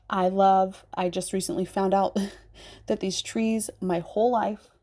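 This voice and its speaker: A woman's voice: medium pitch, warm tone. A woman in her thirties from the Pacific Northwest, rambling in a heartfelt spiritual talk and swearing casually. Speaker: spiritual channel host.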